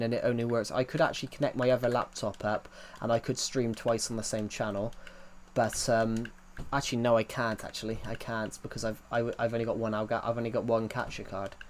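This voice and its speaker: A man's voice: mid-range voice, a little mellow, a little hiss or hum. Rambling young man streaming. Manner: rambling, self-correcting, answers chat questions. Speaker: gaming livestreamer. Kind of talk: casual livestream chat, reading chat.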